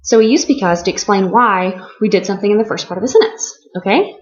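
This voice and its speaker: Young female ESL teacher, deliberate classroom delivery, slightly dull lo-fi audio. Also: medium pitch, slight background noise. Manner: slow and deliberate, stretching key words for learners. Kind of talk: slow, clear classroom explanation. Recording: slightly muffled lo-fi recording.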